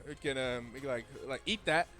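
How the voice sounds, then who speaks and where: A man's voice: mid-range voice, a little fast, over music. A man casting a live esports match and chatting with his co-caster, laughing often as he tells stories. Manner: laughs often, animated storytelling. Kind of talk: esports commentary. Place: home.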